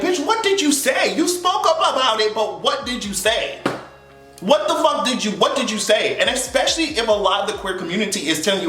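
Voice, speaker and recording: A man with a high, bright voice delivers a heated, sarcastic vlog rant full of profanity. He slips into mocking voices now and then. The room is echoey, with faint music playing underneath. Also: animated, moderate pace. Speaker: vlogger. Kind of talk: casual opinion rant to camera.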